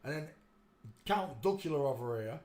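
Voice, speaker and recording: A man's voice: a little high, moderate pace. Rambling man in an echoey room. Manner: rambling, talks to himself while searching pictures; gets loud and animated telling stories. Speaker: livestream host. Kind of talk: casual livestream commentary. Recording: roomy echo with faint ambience.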